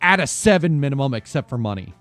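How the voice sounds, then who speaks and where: A man's voice: mid-range voice, fast talker, faint music behind. A man reading out a party game's text to friends on a stream, with playful asides. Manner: animated, reads game text aloud with playful asides. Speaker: game narrator reading choices to friends. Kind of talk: casual group game stream banter.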